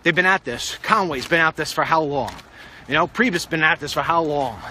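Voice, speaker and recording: A fairly high, sharp-toned voice moves at a brisk clip as a political commentator walks outside. Traffic passes while he delivers a blunt, rambling vlog monologue to the camera.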